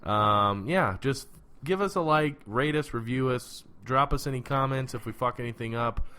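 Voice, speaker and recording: A man's voice: mid-range voice, normal speed, pushed and bright, clean tone. A man co-hosting a casual TV recap podcast, talking in loose, profane banter with frequent laughs. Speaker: podcast co-host.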